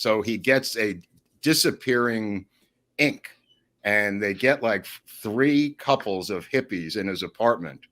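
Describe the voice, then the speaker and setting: A man telling stories as an interview guest, animated and often laughing mid-sentence. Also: lowish voice. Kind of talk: storytelling anecdotes in an interview.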